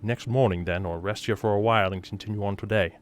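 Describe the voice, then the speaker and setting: Dragonborn scholar, male, reserved and formal, voiced by a man. Low register. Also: steady tone, a little hiss or hum, lightly acted. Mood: calm. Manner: formal, measured.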